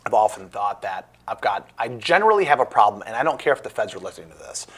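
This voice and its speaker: Joking, rambling midwestern host. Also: male voice, lowish voice, sing-song, quick pace, fairly bright tone, breathy edge. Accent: Midwestern American. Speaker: talk show host. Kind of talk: casual political chat.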